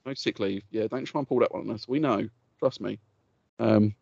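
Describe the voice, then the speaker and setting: A man's voice: fairly low pitch, moderate pace, gravelly, a little mellow, husky, no echo, muffled recording. A man co-hosting a podcast, swearing freely and ranting in heated, laughing banter. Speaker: podcast co-host. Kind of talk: casual chat.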